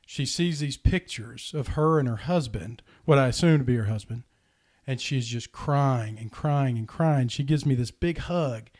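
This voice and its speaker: A man telling a heartfelt personal story in a casual podcast chat, earnest and animated. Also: mid-range voice, normal speed. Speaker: podcast host.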